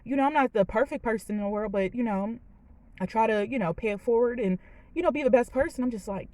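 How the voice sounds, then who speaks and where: A woman's voice: a little high, fast, dark tone, rough recording. A woman in her late twenties, a vlogger telling a personal story in a candid, chatty and emotional way, with many fillers, from a parked car. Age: late 20s.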